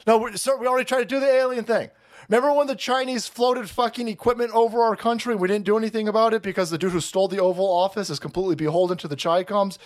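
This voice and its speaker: High-voiced man ranting, foul-mouthed. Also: steady tone, quick pace. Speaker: livestream host. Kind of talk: profane political rant on a livestream.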